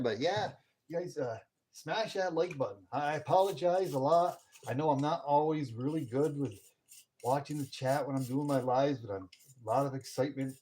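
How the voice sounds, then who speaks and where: Excitable man live-streaming his workshop. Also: mid-range voice, slight background noise. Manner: excitable, whoops and laughs often. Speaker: live streamer casting metal. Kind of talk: casual live stream chat.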